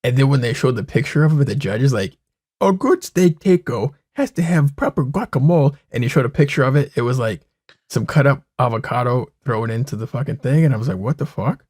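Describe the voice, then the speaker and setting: A young man in casual podcast banter, quick to swear and laugh. His voice sits at an everyday middle pitch. The mic is close and dry, with no room around it. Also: dry recording. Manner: profane, laughs a lot, animated retellings. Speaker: podcast co-host.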